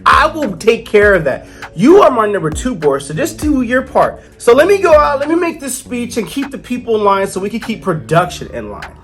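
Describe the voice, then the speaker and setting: A comic reviewer voicing a pompous, scheming male bull president, putting on an accent, loud and speechifying. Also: mid-range voice, big pitch swings, fairly quick, soft background music. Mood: self-assured.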